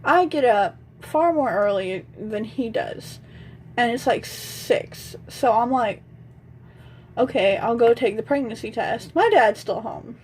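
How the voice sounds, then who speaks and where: A woman's voice: a little high, expressive, slow pace, slight background noise, rough recording. A young woman vlogger telling a casual storytime, blunt and swearing freely as she acts out what everyone said.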